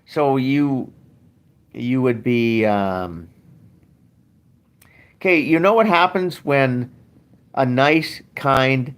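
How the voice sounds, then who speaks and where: A man's voice: medium pitch, animated, very slow, long pauses. An older man, hosting a show and ranting bluntly in casual, profane talk. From Canada. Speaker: podcast host.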